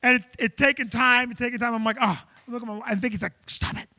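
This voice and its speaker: Man, comic storyteller, loud, animated, very high voice, dry close sound. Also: fast, no echo. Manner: animated, loud, acts out quotes. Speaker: comedian co-host.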